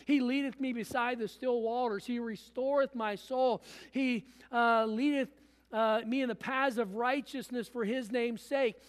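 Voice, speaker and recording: A man's voice: very high-pitched, steady tone, unhurried, clean tone, big-room sound. A man preaching a sermon as pastor, repeating phrases and restarting often. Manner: preaching with repetition and frequent restarts. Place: church.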